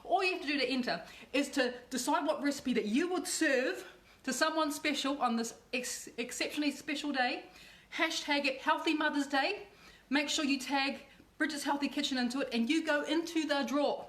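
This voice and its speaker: A woman hosts a livestreamed cooking demo in a bubbly, effusive way. Her voice sits a little high for a woman. She tends to circle back and repeat her words. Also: moderate pace, fairly bright tone. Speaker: cooking show host.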